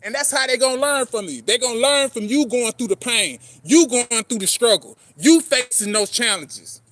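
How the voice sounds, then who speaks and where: A man's voice: extremely high pitch, normal speed, a bit bright. A man talking casually to camera about trust and pain, with street slang, constant swearing and frequent "man" and "you know what I'm saying.". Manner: rambling, earnest, greets passers-by. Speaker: poet and vlogger. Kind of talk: casual motivational talk to camera.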